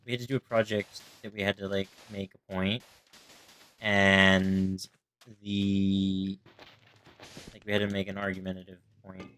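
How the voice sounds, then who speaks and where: A man's voice: low-pitched, little pitch movement, unhurried, a bit bright. A young man livestreaming a game, chatting to his viewers and rambling through stories where he acts out the people he quotes. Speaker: gaming livestreamer. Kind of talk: casual chat while gaming.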